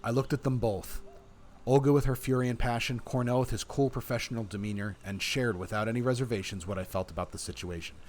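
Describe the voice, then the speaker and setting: A man streaming a text game, reading its narration aloud with relaxed, chatty asides. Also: mid-range voice, fast talker, a little hiss or hum.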